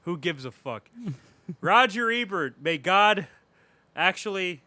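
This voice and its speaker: A man's voice: high voice, expressive, takes it slowly, pushed and bright, dry recording. A man hosting a casual podcast chat, profane and ranting, often laughing as he reads out and mocks reviews. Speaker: podcast host.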